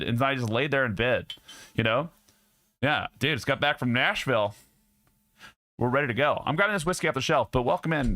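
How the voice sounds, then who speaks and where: A young man chats casually on his own live stream, close to a studio dynamic mic, his slightly high voice bright and forceful. Telling stories, he swings widely in pitch, keeps things loose and profane, and restarts sentences often.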